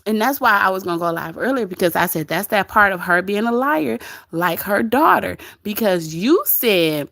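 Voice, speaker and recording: On her laid-back gossip livestream, a woman with grown kids reads out viewer comments and laughs often, her mid-range voice animated, a bit bright and touched with vocal fry. She talks at a moderate pace, and the studio sound is clean with no echo.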